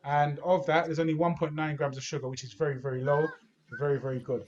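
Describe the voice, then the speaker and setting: A young man chats and teases in slang on a podcast. His voice sits a little high. The online call audio is slightly dull and lo-fi. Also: flat delivery, quick pace, slight background noise. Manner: banter-heavy London slang. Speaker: podcast co-host. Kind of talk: casual chat over a video call. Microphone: video call.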